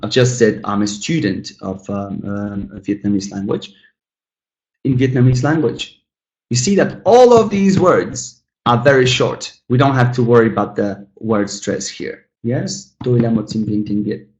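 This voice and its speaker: A man with a mid-range, somewhat dark voice teaches an English webinar, slowly and carefully saying each example word twice and calling his learners "guys." The recording is roomy and of poor quality.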